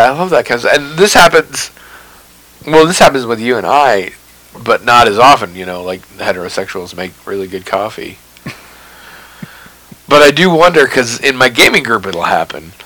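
Man, podcast co-host, casual chat, lively storyteller, bright voice. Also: medium pitch, no room sound, rough recording. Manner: animated storyteller, laughs often.

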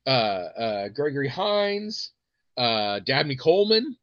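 A man co-hosting a podcast in casual chat, telling stories animatedly with quick restarts and putting on voices now and then. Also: mid-range voice, big pitch swings, a bit bright, no echo. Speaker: podcast co-host. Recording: dry, slightly muffled mic.

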